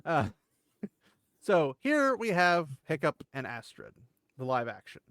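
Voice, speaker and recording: A man hosting casual online commentary, rambling and animated, with big jumps in pitch to stress his points. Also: slow, no room sound. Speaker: channel host.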